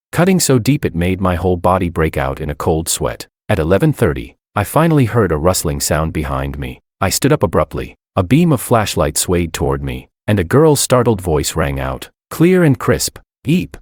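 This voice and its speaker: Deep-voiced man narrating a dramatic story. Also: a little mellow, no room sound, clean studio sound. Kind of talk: first-person audiobook narration.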